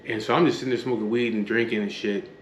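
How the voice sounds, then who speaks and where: A man's voice: fairly low pitch, fairly even intonation, fast, dull audio, slight background noise. Blunt, profane man. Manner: blunt and profane, acts out the dialogue. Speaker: storyteller recounting his past. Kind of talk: casual spoken storytelling. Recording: roomy with faint background ambience.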